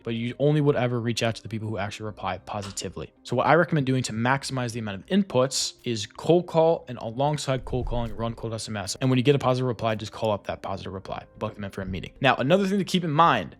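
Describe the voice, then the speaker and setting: A young man, an agency owner, teaching cold calling and sales in a quick, emphatic, repetitive coaching style. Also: mid-range voice. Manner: quick, emphatic, repeats points for stress. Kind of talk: fast direct-to-camera business coaching.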